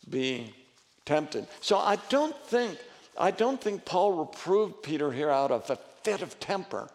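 Preaching man in a reverberant church hall. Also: on the high side. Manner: earnest, conversational preaching with frequent restarts and rising emphasis. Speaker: pastor. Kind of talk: sermon.

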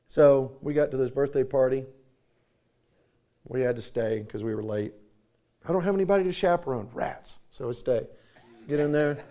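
A man preaching a sermon in a storytelling manner, often clearing his throat. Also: mid-range voice, darkish tone.

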